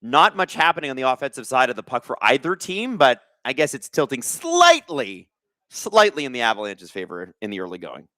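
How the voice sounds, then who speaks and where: A man's voice: mid-range voice, fairly quick, no echo, studio quality. A man in his thirties from Canada hosting a live hockey watch-along, calling plays casually and joking while reading out chat. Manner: jokey, reads chat aloud, bursts of excitement.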